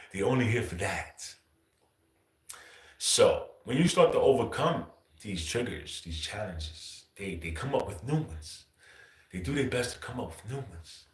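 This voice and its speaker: A man's voice: lowish voice, a bit bright. Casual man saying "bro" constantly, echoey. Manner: loose, profane, says "bro" constantly, chuckles often. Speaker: livestream host. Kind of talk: casual livestream monologue.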